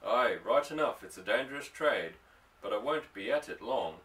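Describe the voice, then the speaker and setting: A man's voice: mid-range voice, expressive, normal speed, sharp tone, far from the mic, rough recording. A man voicing an earnest young fisherman. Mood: coaxing. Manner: coaxing, affectionate.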